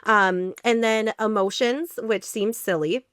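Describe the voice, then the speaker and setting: Smooth-voiced woman coaching parents. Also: medium pitch, steady tone, slow, a bit bright, no echo, clean studio sound. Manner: explanatory, lays out steps in order. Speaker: parenting coach, podcast guest. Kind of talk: podcast interview.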